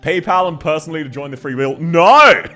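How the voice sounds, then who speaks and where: A man's voice: fairly high pitch, quick pace, a bit bright. A man streaming live, chatting casually and getting flustered, laughing often as he rambles. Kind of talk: casual livestream chat. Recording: faint music behind.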